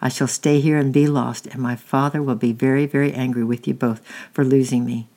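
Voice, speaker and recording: A storyteller voicing a willful, quick-tempered rich little girl in a read-aloud book. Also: mid-range voice, flat delivery, dark tone, lightly acted. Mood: imperious. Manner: commanding, defiant.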